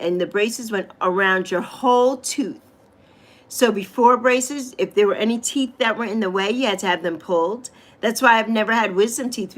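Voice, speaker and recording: A woman's voice: medium pitch, a bit bright. A woman in her sixties hosting a casual livestream, chatting straight to her viewers and calling them honey. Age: 60s. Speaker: livestream host reading viewer comments. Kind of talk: casual live chat. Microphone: phone or webcam on a livestream.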